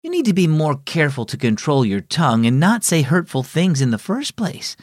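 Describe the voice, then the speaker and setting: A man's voice: a little high, wildly swooping pitch, moderate pace, a little mellow, dry recording, studio quality. A man voicing a kind mother in a storybook tale, speaking in a lightly raised, caring tone.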